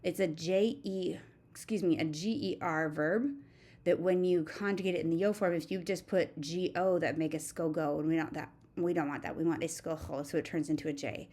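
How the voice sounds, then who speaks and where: A woman, a teacher giving a steady, methodical recorded grammar lesson and reciting verb forms one by one. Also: lowish voice, brisk. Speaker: Spanish teacher.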